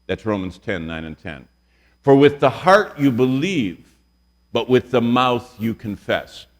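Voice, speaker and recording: A man's voice: mid-range voice, lively intonation, measured pace. A man in his sixties, a pastor teaching a Bible lesson to a room of college students, telling stories and asking the class questions. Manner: storytelling, quizzes the audience with questions.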